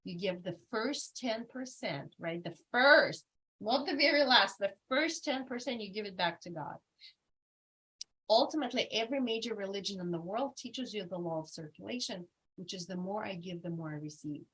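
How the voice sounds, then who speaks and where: A woman's voice: mid-range voice, moderate pace, breathy edge, low-quality recording. A woman leading a motivational retreat workshop, emphatic and repetitive, telling stories with lots of energy. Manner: emphatic and repetitive, animated storytelling. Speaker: retreat coach.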